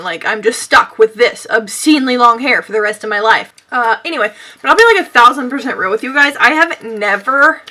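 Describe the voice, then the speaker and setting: A young woman talks her way through a makeup look, rambling from one thought to the next and poking fun at herself. Her voice sits a little high and sounds bright and forward, and she keeps chatting casually to her viewers as she works. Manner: rambling, bubbly, self-mocking. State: sweaty and out of breath. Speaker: beauty vlogger.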